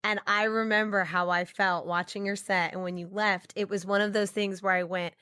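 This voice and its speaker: A woman's voice: mid-range voice, little pitch movement, clean tone, dry recording. Enthusiastic woman podcast co-host. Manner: warm, enthusiastic, halting with restarts. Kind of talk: casual interview chat.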